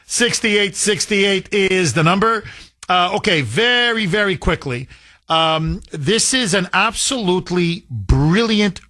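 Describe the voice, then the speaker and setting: A man's voice: high-pitched, dry recording, studio quality. Emphatic man hosting talk radio. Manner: emphatic, laughs often, excitable. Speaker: radio talk show host.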